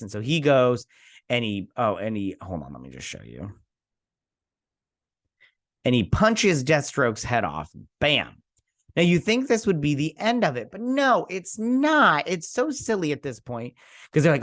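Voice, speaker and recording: A man retells a TV episode scene by scene in a loose, chatty style, dropping into the characters' lines as he goes. His voice is mid-pitched, and the recording is dry and close. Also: very animated, moderate pace, a bit bright, dry recording. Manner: frequent fillers and restarts. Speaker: host of a TV review channel. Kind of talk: casual episode recap.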